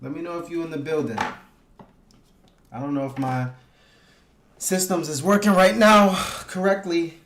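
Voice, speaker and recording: A man's voice: on the high side, normal speed, long pauses, fairly bright tone, a little hiss or hum. A man hosting a casual livestream, talking loosely and profanely with his viewers and hyping them up. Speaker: livestream host. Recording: echoey room.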